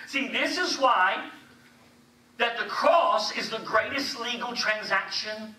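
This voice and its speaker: Brief: high, bright-toned male preacher, animated storyteller, recorded from a distance in an echoey hall. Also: takes it slowly. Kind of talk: sermon. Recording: echoey hall, distant mic, faint hiss.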